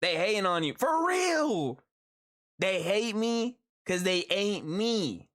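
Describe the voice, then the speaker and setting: A man's voice: high voice, unhurried. A man live streaming, telling stories in a casual, slangy way, swearing freely. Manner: animated, slangy, swears freely, breaks into laughter. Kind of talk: casual storytelling chat.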